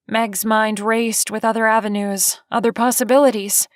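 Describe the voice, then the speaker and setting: A woman narrating a romance audiobook in measured, even storytelling. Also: medium pitch, dry recording, clean studio sound. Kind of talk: scripted narration.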